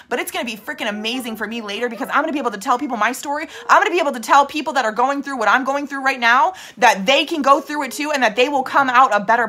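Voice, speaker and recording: A woman's voice: sits high, pushed and bright. A woman giving an emphatic motivational pep talk to her sales team, repeating fervent affirmations. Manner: emphatic, mildly profane. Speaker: leader of a makeup sales team.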